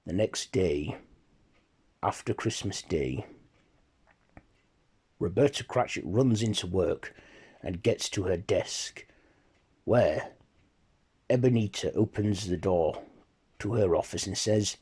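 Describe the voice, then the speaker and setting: Husky low voiced guy narrating a story, real slow, lively ups and downs.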